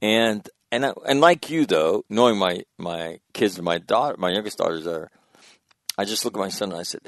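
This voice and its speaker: A man's voice: sits low, moderate pace, dry recording, studio quality. A man in his sixties telling a long personal story in casual chat, rambling and correcting himself and laughing at his own mishaps. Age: 60s.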